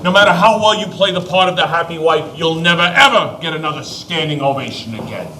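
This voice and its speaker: A man's voice: on the high side, a little fast, sharp tone, slight background noise, rough recording. A man playing a pushy theater producer with a warning, persuasive manner.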